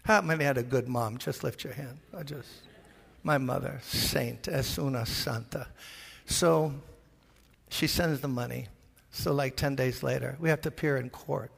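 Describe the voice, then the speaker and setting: A man's voice: mid-range voice, measured pace, gravelly, slightly rough. An older man from Brooklyn with a New York accent, a pastor telling a story in a sermon and acting out the voices in it. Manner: animated storyteller, acts out voices. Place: large church. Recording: reverberant church hall.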